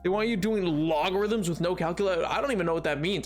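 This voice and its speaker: A young man streaming a game, chatting casually and jokily, swinging between mumbling asides and sudden shouts. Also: fairly high pitch, fast talker, few pauses, soft background music. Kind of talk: casual live-stream chatter while gaming.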